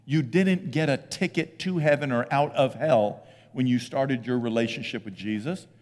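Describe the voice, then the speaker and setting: A middle-aged man preaching a lively sermon as pastor, often breaking into loud acted voices. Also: medium pitch, normal speed, long reverb tail. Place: church sanctuary.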